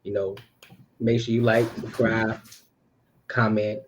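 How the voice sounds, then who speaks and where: A young man co-hosting a podcast in a relaxed, friendly way, often repeating phrases as he thanks viewers. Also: on the low side, slow, noisy background. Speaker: podcast co-host. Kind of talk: casual chat.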